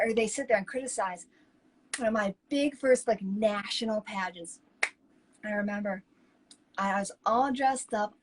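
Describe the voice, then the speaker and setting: A woman co-hosting a talk show, telling stories in a lively, chatty way. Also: medium pitch, slight background noise, poor audio. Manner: animated, chatty, acts out quoted people. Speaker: co-host. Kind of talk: casual chat, personal storytelling.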